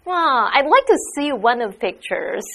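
A woman's voice: high voice, very animated, moderate pace, a bit bright. A woman co-hosting an English lesson show, chatting playfully and giggling now and then. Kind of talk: casual chat.

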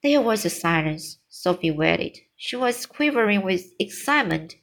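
A woman reading a children's book aloud, unhurried, with small restarts. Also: mid-range voice, expressive, vocal fry, fairly bright tone, low-quality recording. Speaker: reader.

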